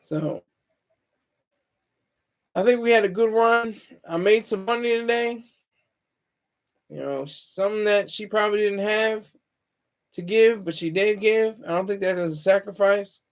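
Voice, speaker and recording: A man with a fairly high voice hosts his own stream and talks without a script. He wanders from point to point, stops to fix his own words and stumbles over his sentences, stating his opinions bluntly. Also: measured pace, pauses often. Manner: rambling, self-correcting, opinionated. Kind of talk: casual solo livestream monologue.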